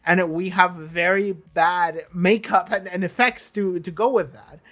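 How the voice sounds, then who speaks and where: A reaction-channel host talking casually in a question-and-answer vlog, animated and emphatic, with lots of filler words and casual swearing. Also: medium pitch, unhurried. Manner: acts out quoted lines in shifted voices.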